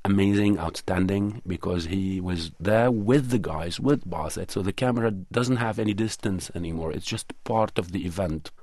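A man's voice: low-pitched, normal speed, few pauses, darkish tone, no room sound. A man being interviewed as a documentary producer, answering in an earnest, thoughtful way and often searching for his words. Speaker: documentary film producer and cinematographer.

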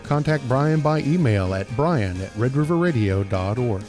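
Radio guy doing the sign-off, steady read, guitar music playing under him. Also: medium pitch, moderate pace. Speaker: radio host. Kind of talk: outro announcement.

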